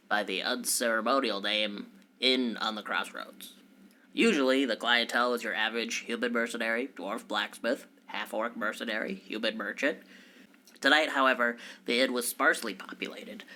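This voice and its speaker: A man's voice: fairly low pitch, bright, forceful tone, slight background noise. A man narrating a tabletop game skit as game master, telling the story in a dramatic way.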